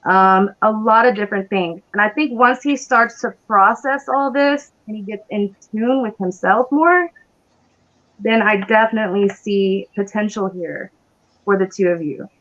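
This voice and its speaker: A woman's voice: medium pitch, measured pace, a bit bright, highs cut off. A woman giving live psychic readings, reassuring and calling people hon. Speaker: psychic reader.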